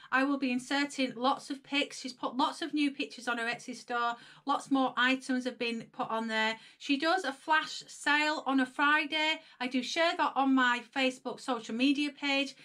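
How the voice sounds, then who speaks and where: A chatty woman with a slightly high voice talks casually to camera, reviewing jewellery she has been sent. She keeps calling her viewers guys and moves from one item to the next in a relaxed, friendly flow. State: emotional, voice dropping while reading a letter. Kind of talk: casual unboxing chat to camera.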